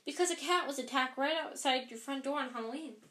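A woman voicing a brisk, bossy teenage schoolgirl in a storybook reading. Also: sits high, bright, forceful tone, pitched above the performer's own voice. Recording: echoey room.

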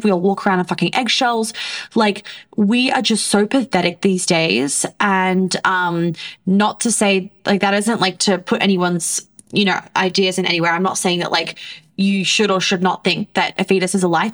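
A woman hosting a casual solo podcast, talking bluntly in a rambling way with heavy swearing. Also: mid-range voice. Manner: frequent fillers and restarts. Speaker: podcast host.

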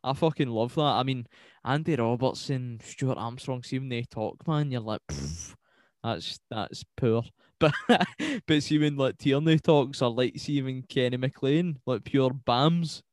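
Young Scottish podcast co-host, casual football talk, loose and sweary, dry close sound. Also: male voice, medium pitch, a little slow, no echo. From Scotland. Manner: swears freely, rambling and animated.

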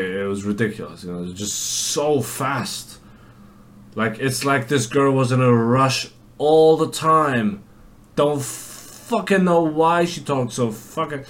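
A man hosting a casual solo podcast, rambling and swearing with lots of fillers and restarts. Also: fairly low pitch. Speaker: podcast host. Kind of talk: casual monologue.

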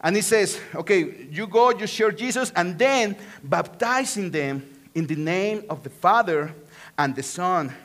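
Here a Mexican man with a high voice and a Mexican Spanish accent delivers a lively sermon as a pastor. His delivery moves from quiet to excited, punctuated by jokes on the side.

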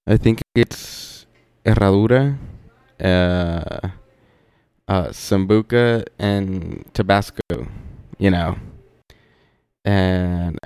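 A man's voice: low-pitched, extremely slow, long pauses, darkish tone, clear, resonant tone, no echo. A young man hosting a podcast, telling a rambling story in a laid-back, profane way with lots of fillers. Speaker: podcast host.

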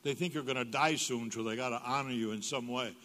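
A man's voice: steady tone, fast talker, sharp tone. Older man telling funny stories from the pulpit. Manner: acts out dialogue with big pitch jumps. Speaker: guest speaker. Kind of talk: humorous sermon storytelling. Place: church sanctuary. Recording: reverberant church hall.

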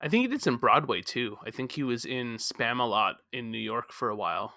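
A man with a bright, forceful voice co-hosting a relaxed movie chat. He argues his opinions emphatically, and the sound is dry and close. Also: medium pitch, brisk, no echo. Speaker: podcast co-host. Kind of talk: casual movie discussion.

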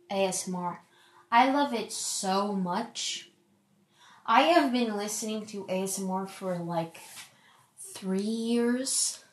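A young woman hosting a solo podcast, chatting casually in a rambling way and calling herself loud. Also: mid-range voice. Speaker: podcast host. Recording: echoey room.

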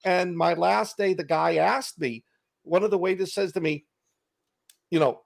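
His creaky voice sits high, with a measured pace and long pauses, as this Boston-accented author chats from his home desk on a video call. Appearing as a guest in a casual interview, he tells stories full of self-mocking jokes and laughs at himself.

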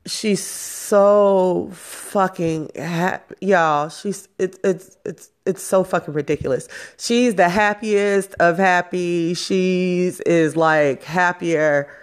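Slow-talking profane woman in her forties. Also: fairly low pitch, clean tone. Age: 40s. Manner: slow, profane, emotional and self-hyping. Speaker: vlog host. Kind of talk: raw personal vlog monologue.

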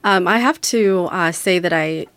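A woman's voice: fairly low pitch, unhurried, a bit bright, dry recording. A woman with an American accent, speaking as a guest on a radio panel in a thoughtful, candid way. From United States. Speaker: panel guest, audio engineer and radio co-host.

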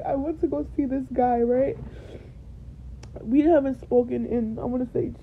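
A woman's voice: high voice, vocal fry, a little hiss or hum. A young woman hosting a podcast, telling her own story to listeners while tearful and repeating herself for emphasis. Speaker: podcast host. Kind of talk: emotional personal storytelling. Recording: dull lo-fi recording.

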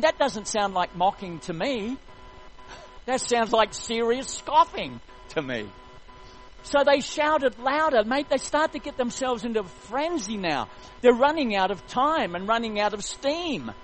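A man preaching a sermon, retelling a story in an animated, jokey way. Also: very high voice, takes it slowly, soft background music, low-quality recording.

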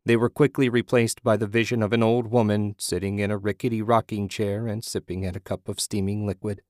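A man narrating a horror story in a steady, measured reading. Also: fairly low pitch, no room sound, studio quality.

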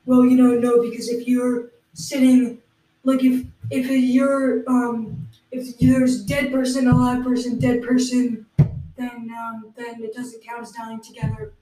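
A woman co-hosting an improvised comedy podcast, with halting, matter-of-fact explanations. Her voice is fairly high but mellow and very flat in pitch. She sounds roomy and distant from the mic. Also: slight background noise. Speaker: podcast co-host.

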